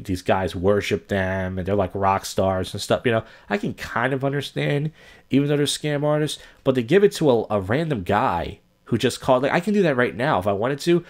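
A young man hosting a solo podcast, rambling through a long story and acting out the people he quotes. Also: medium pitch. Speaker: podcast host.

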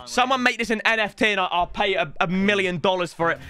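A young man, reacting loudly to match footage as a YouTuber, shouting at the screen and bantering in slang. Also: high voice, fast talker, soft background music. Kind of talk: excited reaction commentary over match footage.

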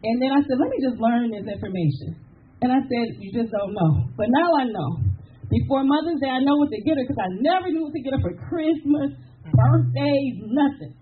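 A woman's voice: high voice, lively intonation, a little fast, narrow, tinny audio. A middle-aged woman speaking at a church memorial service, giving a heartfelt tribute to her mother and calling out to the congregation for amens. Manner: preacher-like call and response with the crowd.

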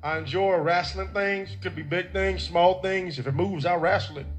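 A man's voice: high-pitched, moderate pace, lightly acted. A man playing a goofy, rambling good old boy dealer on a game show, with a put-on twang. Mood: folksy. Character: simple country good old boy who wrestles things.

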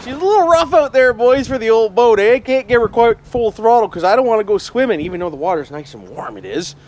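A man's voice: extremely high pitch, big pitch swings, brisk. A man with a Canadian accent chatting casually as he walks outdoors by a river, filming a vlog and tagging his lines with folksy slang. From Ontario, Canada. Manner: folksy, tags lines with "eh" and "frig". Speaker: vlogger. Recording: loud wind noise on the mic.

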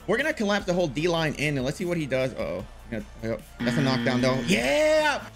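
Guy yapping over his game, kinda high voice, muttering then yelling, slangy, little music in the back. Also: brisk, creaky. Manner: animated, swings from muttering to loud outbursts, casual slang. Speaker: gaming YouTuber. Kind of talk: excited live gameplay commentary.

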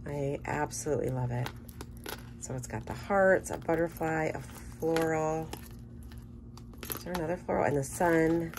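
A woman chatting casually through an unboxing, gushing with enthusiasm and dropping into soft murmured asides. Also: low-pitched, moderate pace, long pauses, background noise. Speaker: scrapbooking vlogger.

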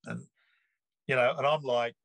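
A man with an Australian accent, in his sixties, recounts his own experience as an interview guest. His voice sits mid-range, and it is recorded dry and close. He tells it like a lively yarn, slipping into the voices of the people he quotes. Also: mid-range voice, a little slow, no echo, rough recording. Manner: lively storyteller who acts out the people he quotes. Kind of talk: personal testimony storytelling.

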